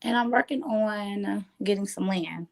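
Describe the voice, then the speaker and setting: A woman talking as an interview guest in casual chat, relaxed and streetwise, often asking "you know what I'm saying". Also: medium pitch, measured pace, vocal fry.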